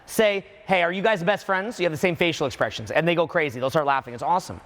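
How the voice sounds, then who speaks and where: An energetic man, a fellow coach, joking as he chimes in on the talk. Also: fairly high pitch, fast talker, in a large hall.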